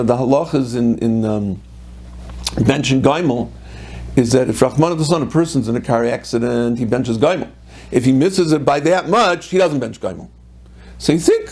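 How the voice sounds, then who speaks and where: A man's voice: mid-range voice, darkish tone. A middle-aged man, a rabbi giving a sermon, telling stories and acting out what people said, with Hebrew and Yiddish terms mixed in.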